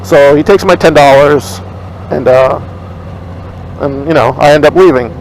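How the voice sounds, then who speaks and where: A man with a slightly high voice tells a rambling story while riding his motorcycle through town. He's blunt and swears freely, acting out both sides of an old argument. Faint road and traffic noise runs underneath. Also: unhurried, a little mellow, low-quality recording. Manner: blunt, profane, retells arguments in quotes. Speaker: motorcycle vlogger. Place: riding a motorcycle on city streets outdoors. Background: faint street and traffic noise.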